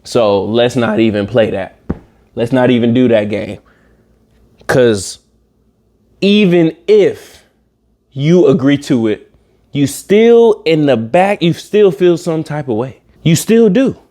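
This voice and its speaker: A man hosting a reaction video, giving casual comedic commentary with animated, emphatic outbursts. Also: medium pitch, slow, long pauses.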